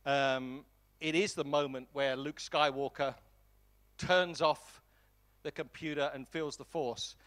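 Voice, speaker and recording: A man giving a master class lecture to film students, talking with lively enthusiasm and often restarting his sentences. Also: medium pitch, takes it slowly. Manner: animated and enthusiastic, voice jumps up when excited; frequent restarts and repeated words.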